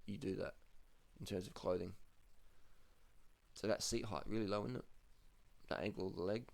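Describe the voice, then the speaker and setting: Man, lowish voice, casual race commentary, blunt, excitable, swears, repeats himself. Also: normal speed, gravelly, long pauses. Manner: gets loud and high when worked up. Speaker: cycling vlogger commenting on race footage.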